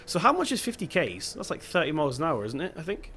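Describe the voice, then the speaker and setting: A man's voice: on the high side, wildly swooping pitch, fast talker, bright, forceful tone, a little hiss or hum. A young man with a Devon accent, chatting casually and thinking aloud while he plays a farming game. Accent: Devon English. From England (Devon). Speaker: gaming channel host. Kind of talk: casual gameplay commentary.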